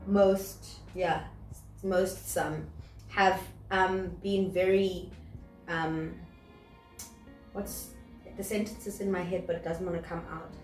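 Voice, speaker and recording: A woman's voice: on the low side, level tone, a little slow, pauses often, far from the mic. A woman in her twenties with a South African accent, chatting candidly as host and sometimes searching for words. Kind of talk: casual chat. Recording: echoey room, voice off-mic, music behind.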